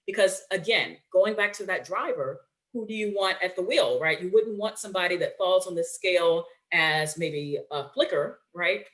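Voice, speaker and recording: A woman with a slightly low voice delivers a webinar presentation. She keeps it conversational, tossing in "right?" and small fillers as she goes. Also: normal speed, few pauses, a bit bright.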